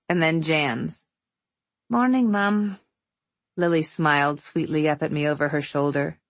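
A woman's voice: deep voice, dry recording. A woman narrating a novel in the first person, with a wry, affectionate storytelling manner. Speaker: audiobook narrator.

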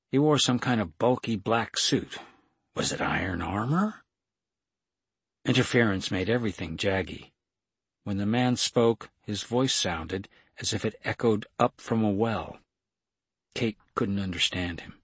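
A man narrating an audiobook thriller in a steady, even reading on a close mic. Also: on the low side, husky, dry recording.

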